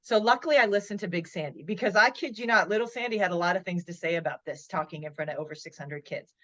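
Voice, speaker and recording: A woman in her forties, a guest on a podcast interview, telling a personal story in a lively way and acting out her own inner thoughts. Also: fairly low pitch, quick pace, highs cut off. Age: 40s. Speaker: podcast guest, motivational speaker.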